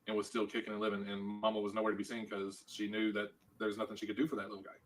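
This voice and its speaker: A man telling a sad story in a halting, stammering, subdued way. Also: on the low side, monotone, slight background noise, rough recording. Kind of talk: reluctant on-camera storytelling.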